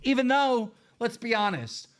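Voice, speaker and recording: Host, male, high lively voice, furious profane rant that keeps breaking into shouts. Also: a little slow, smooth. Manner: profane, heated, bursts into shouting. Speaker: show host. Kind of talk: angry livestream rant.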